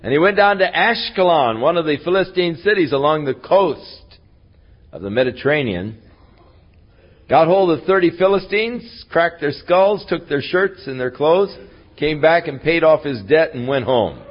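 A man teaching a Bible study, retelling a story in a lively, conversational way with dry asides, on a dull lo-fi recording. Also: a little high, normal speed.

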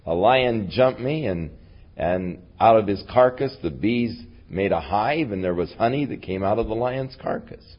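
A man voicing a hotheaded young strongman groom who talks quickly and with exasperation, in a dull lo-fi recording. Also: lowish voice, animated. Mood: exasperated.

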